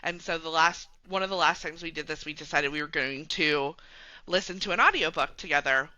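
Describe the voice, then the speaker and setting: Bright, chatty woman podcast guest. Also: low voice, brisk, no room sound, poor audio. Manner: chatty and laughing, many fillers. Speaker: guest, romance bookstore founder. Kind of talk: casual podcast chat.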